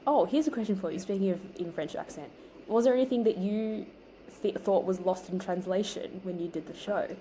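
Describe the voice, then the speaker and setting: A young woman chatting casually while baking, chatty and quick to laugh, with lively emphasis. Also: medium pitch, rough recording. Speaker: home baker and co-host. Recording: noticeable background noise.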